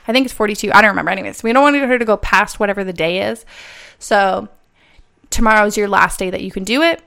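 A woman's voice: mid-range voice, fast talker, creaky, fairly bright tone. A young woman telling a personal story in a casual, chatty way, full of fillers and laughing often. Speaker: vlogger.

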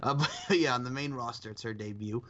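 Man, casual podcast host, rambling and animated, medium pitch, dull lo-fi audio. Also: a little fast. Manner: animated, rambling, swears and laughs often. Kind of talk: casual chat. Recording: dull lo-fi sound.

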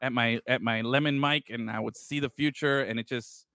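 A man's voice: mid-range voice, fairly even intonation, normal speed, pushed and bright, dry recording. A man co-hosting a casual sports podcast, rambling and swearing freely, calling his friends bro. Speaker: podcast co-host.

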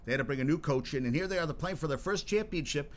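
A man's voice: on the high side, expressive, fast talker. A man hosting his own solo podcast, talking in a rambling, profane way with lots of restarts and getting worked up as he goes. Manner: worked up and emphatic. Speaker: podcast host.

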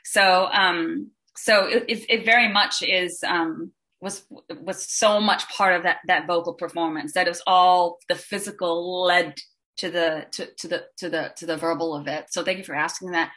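Bright, animated voice actress from Singapore; chatty, with lots of fillers. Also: female voice, lowish voice, normal speed. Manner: animated, rambling, many restarts and fillers. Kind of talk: panel Q&A answers.

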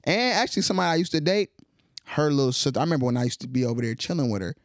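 A man in his twenties co-hosting a casual chat, loose and profane, laughing loudly and mimicking people. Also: a little high, expressive, very fast, no room sound, clean studio sound. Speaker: podcast co-host.

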